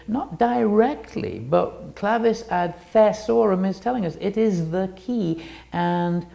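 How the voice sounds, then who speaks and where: Gravelly low-voiced woman giving a talk. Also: warm tone. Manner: rambling, restarting sentences. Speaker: presenter. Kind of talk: illustrated talk with slides.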